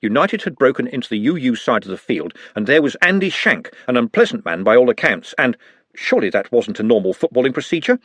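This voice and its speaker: A man narrates an audiobook with expressive storytelling. His pitch moves a lot, and the recording is dry and close. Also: fast talker, no room sound. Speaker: audiobook reader. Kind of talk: scripted narration.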